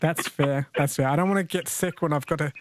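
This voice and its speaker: A man's voice: fairly high pitch, fairly quick, noisy background. A man hosting a radio quiz, chatty and jokey, laughing often. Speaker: radio host.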